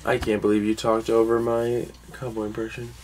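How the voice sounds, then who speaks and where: A man's voice: on the low side, monotone, fairly quick, darkish tone, slight background noise, rough recording. A young man co-hosting a casual movie collection video, teasing his friend with jokes. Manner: teasing, joking banter. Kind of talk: casual chat.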